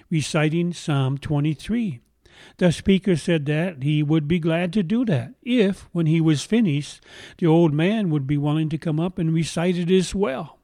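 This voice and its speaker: Male pastor, sermon delivery, mellow tone, fairly high pitch, deliberate emphasis. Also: no echo, studio quality. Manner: slow deliberate emphasis on scripture, gentle storytelling.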